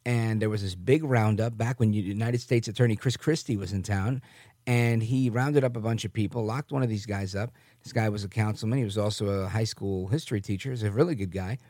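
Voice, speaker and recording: A man's voice: lowish voice, fairly quick, a little mellow, no room sound, clean studio sound. A man from New Jersey giving a conversational political commentary monologue, often asking "right?" and reading news reports aloud. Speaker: commentary host.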